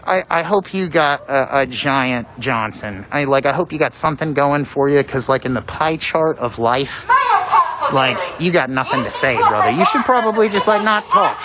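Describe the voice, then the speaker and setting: A woman's voice: low voice, sing-song, normal speed. A woman livestreaming from a city street protest, taunting people with sarcastic, profane remarks. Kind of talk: live street stream commentary. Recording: phone audio with street crowd noise.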